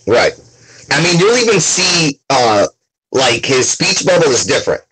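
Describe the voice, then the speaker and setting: A man, a comic artist as guest, chatting excitably over a video call and often asking "you know what I mean". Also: mid-range voice, unhurried, slightly rough, low-quality recording. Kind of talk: casual chat.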